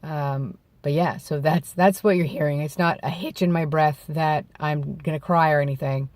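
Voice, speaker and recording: A man with a gravelly voice worn by vocal nodes, a bit hoarse from throat clearing, talking candidly to camera outdoors in a reflective, halting way. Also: a little high, fairly even intonation, a little mellow, no echo. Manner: reflective and halting, with restarts and self-corrections. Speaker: vlogger. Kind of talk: candid personal talk to camera. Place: outdoors in bright daylight.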